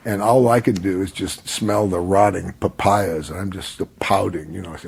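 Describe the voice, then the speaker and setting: A man's voice: deep voice, moderate pace, vocal fry, few pauses, husky. An older man telling a long personal story in casual conversation, laughing often and acting out the voices of the people in it. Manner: animated, acts out voices in his stories, laughs often. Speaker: podcast guest.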